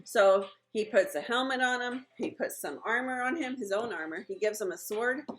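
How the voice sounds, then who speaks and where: A young woman teaching children in a lively, chatty way, retelling a Bible story and acting out the characters' lines. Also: a little high, moderate pace, poor audio. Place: at home.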